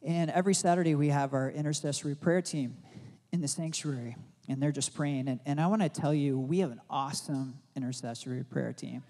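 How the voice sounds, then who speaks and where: A pastor giving a sermon, telling a rambling personal story full of fillers and restarts, growing loud and excited as he retells it. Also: fairly high pitch, fairly quick, in a large hall.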